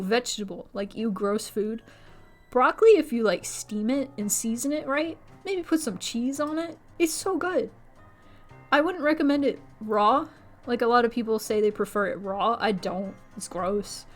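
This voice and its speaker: Chatty young woman streaming over soft music. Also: moderate pace. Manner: chatty, rambling, jumps to high squeaky pitch when quoting. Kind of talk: casual chat with stream viewers.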